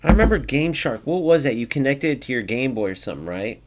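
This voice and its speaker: A man hosting a football-game video, commenting casually over his matches. He speaks bluntly and sarcastically, addressing viewers directly, in a steady middle-pitched voice. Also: fast, a little hiss or hum. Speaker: gaming video host.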